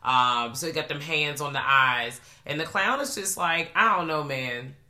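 A woman co-hosting a casual movie recap chat, laid-back, with quick affirmations and dry asides. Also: sits low, bright, forceful tone. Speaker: podcast co-host.

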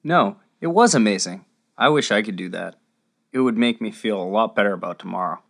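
A woman's voice: extremely low pitch, lively intonation, brisk, vocal fry, voice pushed down, exaggerated voice. A woman voicing Max, a nervous young boy squire who puts on a brave, earnest manner. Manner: earnest, boyish bravado.

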